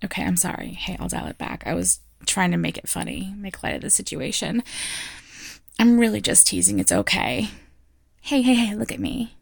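A woman's voice: mid-range voice, moderate pace, vocal fry, breathy edge, dry recording, studio quality. A woman voicing a frank, playful female teacher in an audio role-play, teasing and laughing often. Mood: apologetic.

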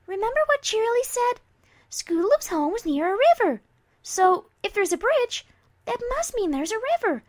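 A woman doing a squeaky, eager little filly pony. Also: very animated, moderate pace, no echo. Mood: triumphant. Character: cheerful bright young filly pony, girl.

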